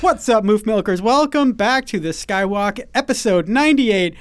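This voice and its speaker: A man's voice: high voice, animated, moderate pace, loud music behind the voice. A man in his forties co-hosting a podcast, steering segments with playful, teasing banter. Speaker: podcast co-host. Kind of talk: casual podcast chat.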